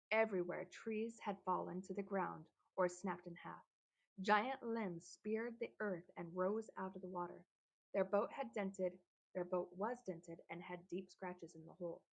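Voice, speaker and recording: Gravelly, husky woman narrating a kids' novel. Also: fairly low pitch, low-quality recording. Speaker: audiobook narrator.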